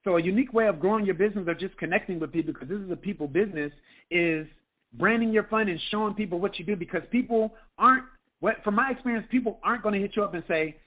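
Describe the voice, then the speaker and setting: A man, a health coach, giving an energetic motivational talk on a group call, often checking in with "okay?". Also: high voice, quick pace. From United States. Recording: tinny phone line.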